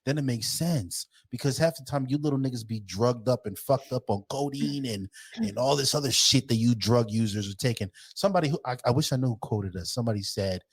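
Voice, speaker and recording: A man co-hosting a podcast, ranting in profane, animated casual banter. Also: medium pitch, brisk, breathy edge. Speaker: podcast co-host.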